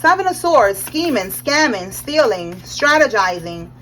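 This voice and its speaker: High-voiced woman giving a tarot reading. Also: unhurried, slight background noise, rough recording. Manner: animated, slangy, laughs often, repeats "all right?". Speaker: tarot reader. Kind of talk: casual tarot reading monologue.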